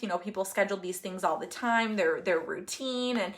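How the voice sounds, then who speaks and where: A young woman, a vlogger, tells a personal story in a candid, chatty, rambling way, with plenty of "like" and "you know". Her voice sits at an ordinary middle pitch for a woman. She is open and unguarded, and emotion sometimes breaks through as laughter or tears. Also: brisk, hardly any pauses. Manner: gets emotional, laughing and crying. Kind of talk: casual chat.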